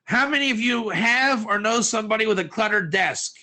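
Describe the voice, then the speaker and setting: A man teaching a lively class, constantly quizzing his listeners and mixing Hebrew terms into his English. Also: sits high, a little fast. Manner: animated, quizzes listeners, asks for answers. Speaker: Torah teacher.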